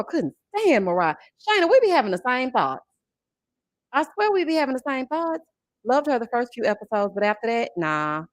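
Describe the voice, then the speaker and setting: A woman, chatting on a livestream about reality TV and reading viewer messages in a sassy, animated way. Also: high voice, dry recording, clean studio sound. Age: 40s. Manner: sassy, animated, calls viewers honey and child. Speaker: YouTube reality-TV reviewer. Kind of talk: casual livestream chat reading super chats.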